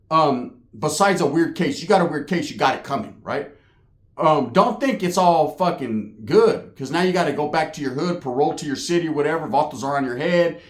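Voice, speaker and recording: Guy telling a street story to his channel, swears a lot, kinda high voice, echoey room. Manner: streetwise, profane, animated storytelling. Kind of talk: casual storytelling monologue.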